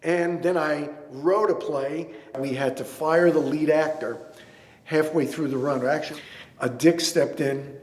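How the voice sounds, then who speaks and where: A man tells a story in an animated way, acting out each voice in it. His voice sits high. The sound is roomy, with a long hall echo. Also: measured pace. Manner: animated, acts out dialogue. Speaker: playwright and producer. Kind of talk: interview storytelling.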